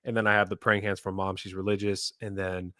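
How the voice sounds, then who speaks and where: A young man with a low but bright, forceful voice chats on a podcast. He rambles a little self-consciously, jumping between loud bursts and mumbles. The mic is close and dry. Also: little pitch movement, brisk, no echo. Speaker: podcast co-host. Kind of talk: casual chat.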